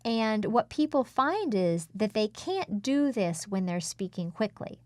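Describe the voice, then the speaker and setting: A woman speech coach in an interview, explaining speaking technique in a measured, instructive way. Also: medium pitch, sing-song, no echo.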